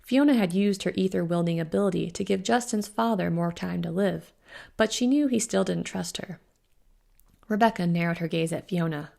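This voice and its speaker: A woman author narrating her own fantasy novel in a steady, even reading. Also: fairly low pitch, normal speed, vocal fry. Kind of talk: audiobook narration.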